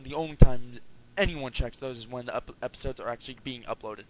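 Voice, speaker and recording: A man's voice: mid-range voice, brisk. Dry-joking podcast man, noisy recording. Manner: dry, joking, gives instructions to listeners. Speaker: podcast co-host. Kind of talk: casual podcast chat. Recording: loud background noise and clicks.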